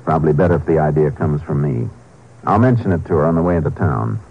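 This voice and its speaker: A brisk, deep-voiced lawman. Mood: level. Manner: brisk, level questioning. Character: calm, methodical male lawman. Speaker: ranger investigator and narrator. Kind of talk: 1940s radio acting. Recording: dull old radio broadcast, faint hiss.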